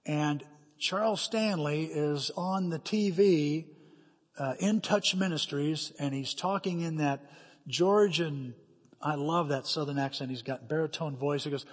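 Middle-aged pastor guy preaching, kinda high voice, acts out quotes, long echo from the hall. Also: slightly rough. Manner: storytelling, emphatic, with dramatic quoted asides. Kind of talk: sermon. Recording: hall reverb.

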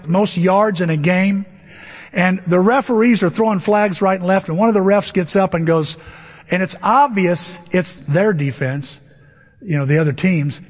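A pastor preaching a sermon, telling the story with animated energy, acting out voices and asking the congregation questions. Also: male voice, high-pitched. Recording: dull, lo-fi audio with long hall reverb. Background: laughter from the congregation.

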